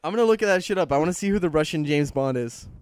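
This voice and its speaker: A young man riffs through a crude comedy podcast with goofy, mock-serious banter. His voice sits a little high and comes through smooth and clear, recorded close and dry. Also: lively intonation, rapid-fire, a little mellow, no echo. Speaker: podcast co-host.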